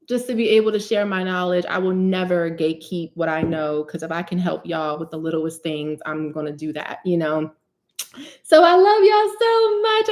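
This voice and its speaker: Casting note: young New woman, chatty livestream host who laughs easily and answers comments. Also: lowish voice. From Newark, New Jersey. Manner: warm, chatty, laughs often and jokes with viewers. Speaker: cosmetic chemist hosting a live hair-care Q&A. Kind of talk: casual livestream chat, reading comments.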